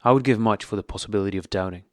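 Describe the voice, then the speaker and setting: A low-voiced male reader as a cold, formal, wounded husband, measured and dry. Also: dry recording, lightly acted. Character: cold, stiff, wounded middle-aged husband.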